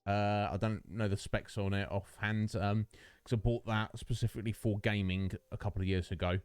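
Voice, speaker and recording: A man's voice: on the low side, steady tone, normal speed, clean tone, no room sound. A man chatting with viewers while streaming a game, rambling and joking, answering chat by name. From United Kingdom. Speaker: Twitch streamer. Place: home streaming setup. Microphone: studio dynamic microphone.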